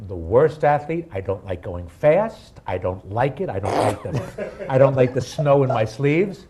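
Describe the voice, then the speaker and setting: A middle-aged man telling a comic story about himself in an animated, self-deprecating way. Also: medium pitch, a little slow, a crowd in the background. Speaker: guest storyteller.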